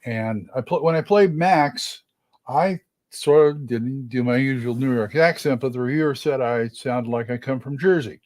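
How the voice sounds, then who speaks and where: A man's voice: mid-range voice, moderate pace, a little mellow, no echo. A middle-aged man from Oklahoma, co-hosting a casual livestream and telling chatty, easygoing anecdotes. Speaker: podcast co-host. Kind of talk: casual chat.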